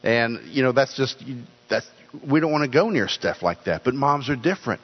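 A man's voice: mid-range voice, big pitch swings, moderate pace. An older man preaching a sermon in an earnest way, often repeating words for emphasis. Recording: dull sound with long hall reverb.

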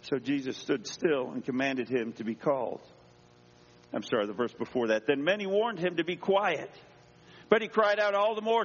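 In a church, a male pastor preaches a sermon at a moderate pace with a slightly high voice. He reads scripture aloud and dramatically performs its voices, and the recording has a dull, echoey church sound.

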